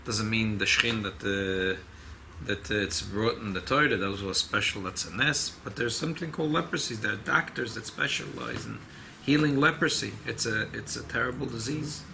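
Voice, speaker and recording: Gravelly rabbi telling a story in class. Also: male voice, lowish voice, normal speed, noisy background. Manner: animated storyteller, mixing Hebrew and Yiddish terms. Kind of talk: informal Torah class with storytelling.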